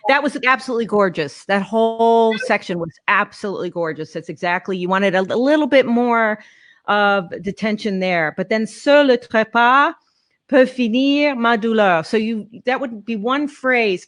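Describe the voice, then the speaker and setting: Female voice teacher, encouraging, video-call sound, mid-range voice. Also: mid-range voice. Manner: warm, encouraging, demonstrates phrases in French. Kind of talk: live-streamed master class coaching.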